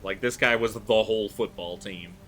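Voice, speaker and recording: A man's voice: lowish voice, moderate pace, fairly bright tone, a little hiss or hum. A man running a tabletop horror game, narrating loosely with lots of "like" and fillers. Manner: loose, filler-heavy storytelling with frequent "like". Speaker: game master.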